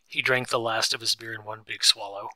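A man giving clear, steady scripted narration of a simplified novel. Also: lowish voice, a little fast, dry recording, rough recording. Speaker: reader.

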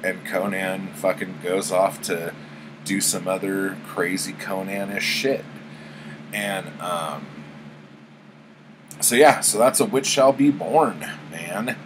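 With an air conditioner humming steadily behind him, plus other background noise, a book vlogger talks through a book in a casual spoken recap. His delivery is slow and unhurried, his voice fairly low and his tone steady, and he rambles, swears a lot and relies on fillers.

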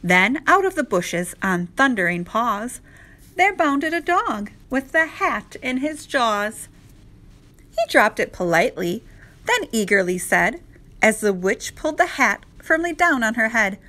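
Lady teacher reading a kids book really slow, bright voice. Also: fairly high pitch. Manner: slow, expressive, rhythmic reading. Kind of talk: children's read-aloud narration.

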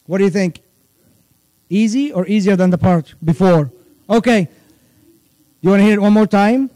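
A man teaching children a church chant, patiently repeating each line and singing it out slowly. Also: high voice, warm tone, no room sound, poor audio. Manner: patient, repeats phrases slowly, sings the verse drawn out. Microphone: livestream.

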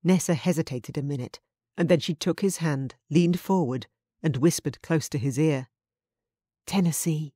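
A woman's voice: deep voice, moderate pace, warm tone, no echo. Woman narrating an audiobook, dry studio. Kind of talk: scripted narration.

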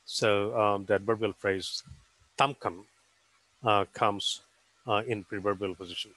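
A man's voice: lowish voice, steady tone, unhurried, sharp tone, dry recording, rough recording. A man giving an academic conference presentation, explaining carefully with frequent um and uh fillers.

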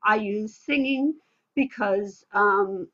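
A woman speech pathologist explaining her methods in an interview over a video call, lively and playful in her delivery. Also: mid-range voice, slow pace. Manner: lively, breaks into playful demonstration voices. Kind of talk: expert answering interview questions. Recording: slightly muffled call audio.

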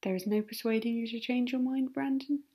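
A woman voicing a hearty, jovial country gentleman who talks in a boisterous, insistent way, in a whispered role-play. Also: on the high side, steady tone, fairly quick, husky.

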